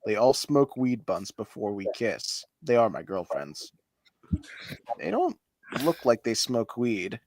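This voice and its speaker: A man's voice: lowish voice, animated, measured pace, few pauses, darkish tone, no room sound. A man, a podcast co-host, doing a theatrical comedic reading of online posts and often breaking into laughter. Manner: theatrical, over-the-top delivery. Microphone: home mic on an online stream call.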